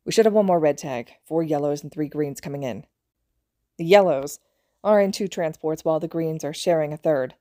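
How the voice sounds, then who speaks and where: A woman voicing an earnest, hurried male paramedic who speaks politely and apologetically. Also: low-pitched, mellow, no echo, clean studio sound, natural voice.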